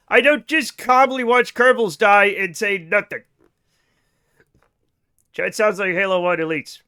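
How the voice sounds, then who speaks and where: A man live-streams a game, talking to his chat in an animated, joking way and swearing casually. His high voice sounds bright, forward, and smooth at a moderate pace.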